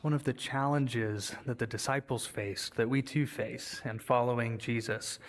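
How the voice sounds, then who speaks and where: A man of middle pitch leads a congregation in a prayer of confession. He reads slowly and in measured liturgical phrasing.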